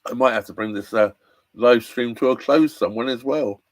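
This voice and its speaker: A man from England chats on a live stream from inside his narrowboat, rambling and restarting, now and then flaring up. His voice sits at an ordinary pitch. The sound is close and dry, with no room echo. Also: moderate pace. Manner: rambling, chatty, with restarts and animated outbursts. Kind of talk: casual live-stream chat.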